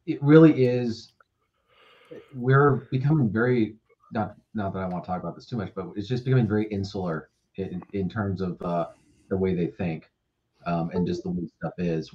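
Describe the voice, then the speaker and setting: A man's voice: low voice, darkish tone, dull audio. A man co-hosting a casual chat, talking hesitantly with many restarts and hedges. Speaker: co-host.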